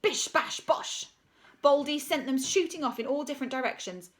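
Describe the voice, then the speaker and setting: A woman's voice: high-pitched, normal speed. A woman reading a children's story aloud, playful, adding spoken sound effects and asides.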